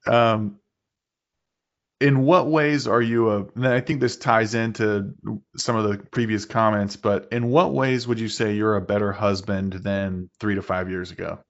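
Low-voiced male interviewer, unhurried and thoughtful, dull recording. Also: fairly even intonation. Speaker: interviewer host. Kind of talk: interview conversation.

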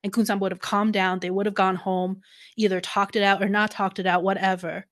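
A woman's voice: mid-range voice, level tone, a little fast. Thoughtful woman chatting casually. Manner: thoughtful, full of filler words. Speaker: podcast co-host. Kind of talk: casual chat recapping a TV series.

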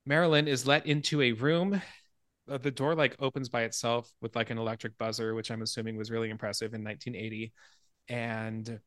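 A man hosting a podcast in casual chat, retelling a film scene in an animated way and laughing along. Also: mid-range voice, no room sound. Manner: animated storyteller, laughs and swears freely. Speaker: podcast host.

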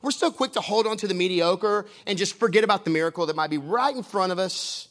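Male pastor, high voice, jokey conversational sermon, long church reverb. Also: quick pace, a bit bright. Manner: conversational, joking preaching with asides to the congregation.

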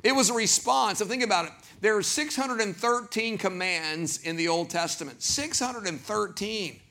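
High, gravelly Southern pastor preaching. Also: male voice, normal speed. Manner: animated preaching, acts out quoted voices. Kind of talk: sermon.

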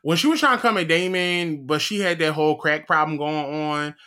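A man's voice: fairly high pitch, brisk, pushed and bright. A man co-hosting a podcast in casual chat, blunt, sassy and freely profane. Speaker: podcast co-host.

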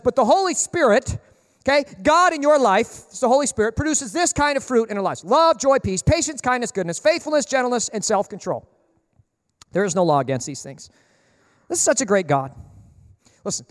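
A man preaching a sermon as pastor, in an animated, conversational way with quick asides. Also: high-pitched, big-room sound.

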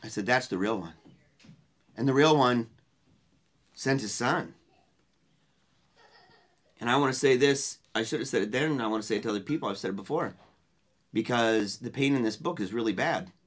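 With a mid-range voice, normal speed and long pauses, a book-release-party guest shares a deeply personal, emotional story. The speech is loose, with restarts and colorful turns of phrase, and becomes hushed when retelling words of comfort at tender moments.

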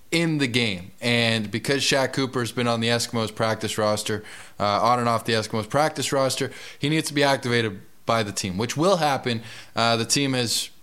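A man's voice: mid-range voice, fairly bright tone. A man giving confident, emphatic fantasy football picks as a regular analyst on a sports podcast. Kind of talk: casual sports podcast chat.

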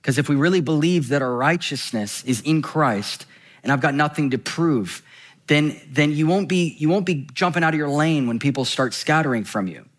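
A man preaching a sermon in a conversational, animated way, slowing down to read scripture and speeding up for quick asides. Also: on the high side. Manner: animated, swings between slow scripture reading and quick asides; conversational, frequent "right?" and "like".

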